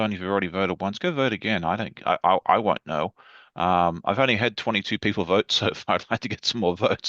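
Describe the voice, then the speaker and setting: Bright-voiced man on a lo-fi call. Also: fairly low pitch, dry recording. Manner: enthusiastic, rambling with fillers. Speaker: guest. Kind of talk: casual livestream chat.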